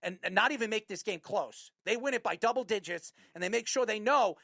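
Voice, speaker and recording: Gravelly-voiced man in a fired-up sports rant. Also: high voice, brisk, pushed and bright, no room sound, studio quality. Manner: fired-up, repetitive, emphatic. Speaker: sports talk host. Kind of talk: heated sports commentary rant.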